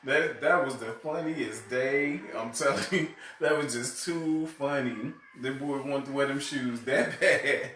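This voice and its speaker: A man's voice: medium pitch, a little slow, hardly any pauses, a bit bright. A man telling funny family stories in casual chat and laughing often as he talks. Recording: echoey room, mic far off, faint noise.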